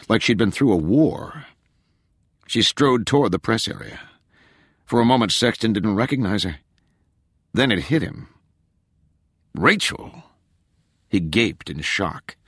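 A man narrating a thriller audiobook in a dramatic, expressive storytelling style. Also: lowish voice, no room sound, clean studio sound. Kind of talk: scripted narration.

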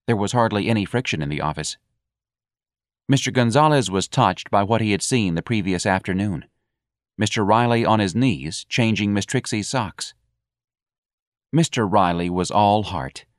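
A man with a low-sitting voice narrates an audiobook, telling the story in a measured, even manner. The recording is studio quality with no echo.

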